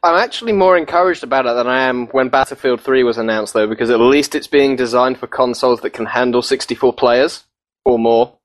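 A man co-hosting a casual gaming podcast, giving careful, hedged opinions. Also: medium pitch. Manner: measured, hedging opinions. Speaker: podcast co-host.

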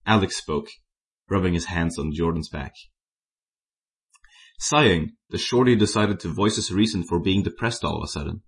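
Man narrating fan fiction, very low voice, plain reading with small slips. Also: moderate pace, slightly rough. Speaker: story reader.

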